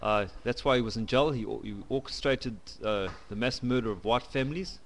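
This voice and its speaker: A South African man giving a blunt, opinionated to-camera monologue into a home camcorder, halting as he goes. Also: mid-range voice, slight background noise. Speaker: vlogger.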